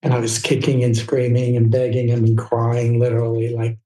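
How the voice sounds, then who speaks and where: A man's voice: medium pitch, completely flat delivery, moderate pace, warm tone, reverberant, poor audio. A middle-aged man from Southern California, telling his story as a podcast guest in a candid, rambling way. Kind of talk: casual storytelling interview.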